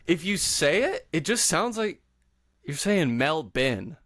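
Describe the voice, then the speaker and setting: A young man co-hosting a podcast in casual chat, enthusiastic and quick to laugh. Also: high-pitched, no room sound, clean studio sound. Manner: animated and enthusiastic, laughs often. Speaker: podcast co-host.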